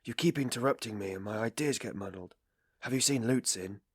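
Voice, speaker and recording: A man's voice: on the low side, fairly quick, breathy edge, no echo. A man voicing an irritable, feverish young student who speaks in curt, exhausted bursts.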